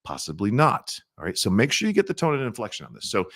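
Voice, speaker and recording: A middle-aged man teaching a sales training, asking his audience questions and acting out soft-spoken sales lines. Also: fairly low pitch, wildly swooping pitch, fast talker, few pauses.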